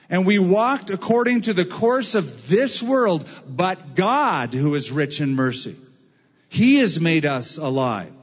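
A man preaching a sermon as pastor, slow and emphatic with drawn-out phrases. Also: high voice, husky, long reverb tail, muffled recording.

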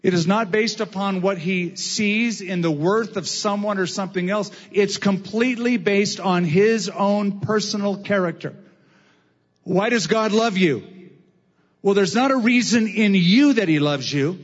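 A man preaching a sermon as pastor, slow and emphatic with drawn-out phrases. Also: high voice, in a large hall, highs cut off.

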